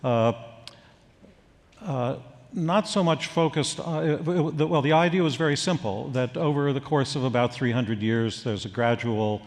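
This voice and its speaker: An older man speaking as a guest expert in an onstage forum conversation, telling stories in a thoughtful, halting way with many fillers. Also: medium pitch. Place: conference hall stage. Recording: reverberant hall.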